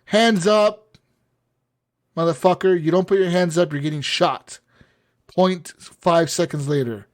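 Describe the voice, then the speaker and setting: A young man co-hosting a casual gaming podcast, telling stories in an animated, profane way. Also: fairly high pitch, moderate pace. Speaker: podcast co-host.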